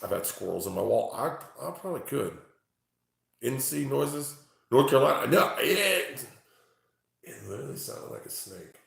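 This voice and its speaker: A man reading tarot live for his chat from home, talking excitably, swearing freely and exclaiming. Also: lowish voice, moderate pace, vocal fry. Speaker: tarot reader livestreaming to chat. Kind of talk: casual live-stream chat. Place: at home, indoors. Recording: very echoey room.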